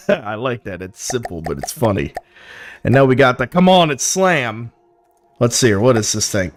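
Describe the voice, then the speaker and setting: A man's voice: medium pitch, sing-song, normal speed. A young man streaming, giving frank, profane, easily amused commentary on viewers' builds. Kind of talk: casual live-stream commentary.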